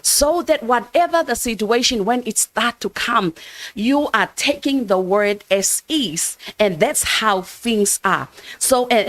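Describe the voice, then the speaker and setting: A woman's voice: fairly high pitch, fairly bright tone, no room sound. A woman preaching a sermon at a church service, earnest and emphatic, often restarting her phrases. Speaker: church minister.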